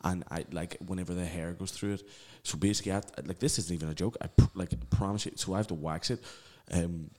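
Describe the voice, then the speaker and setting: A young man, chatting casually as a podcast guest, rambling through stories, swearing freely and acting out quotes loudly. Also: deep voice, quick pace, few pauses. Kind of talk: casual chat.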